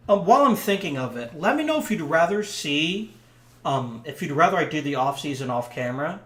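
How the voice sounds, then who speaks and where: Very animated and a little high, this man's slightly bright voice moves fairly quickly in a roomy space. A let's play commentator, he chats and rambles through a hockey management game with lots of ums.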